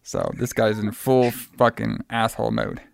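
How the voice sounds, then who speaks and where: A man's voice: on the low side, flat delivery, a little slow, gravelly, dry recording, studio quality. A man casually recapping a film scene by scene, rambling with lots of fillers and swearing. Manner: rambling, filler-heavy retelling with frequent swearing. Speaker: podcast co-host recapping a film. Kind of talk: casual chat.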